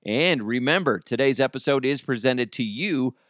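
A man's voice: mid-range voice, expressive, normal speed, fairly bright tone, no echo, studio quality. A man hosting his own podcast, rambling casually, joking at his own expense and laughing often. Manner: rambling, self-deprecating, laughs often, does silly voices. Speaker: podcast host. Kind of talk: casual solo podcast monologue.

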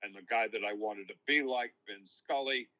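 Older New broadcaster, bright and forward, spins long reflective stories as an interview guest. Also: male voice, medium pitch, moderate pace, poor audio. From New York. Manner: long-winded, reflective storytelling. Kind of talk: casual interview, storytelling.

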